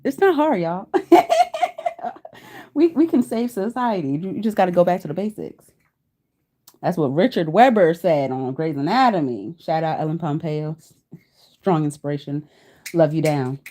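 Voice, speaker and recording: A woman in her thirties hosting a casual livestream chat, reading search results aloud to viewers, laughing often and sounding out hard words slowly. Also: low voice, warm tone. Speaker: livestream host.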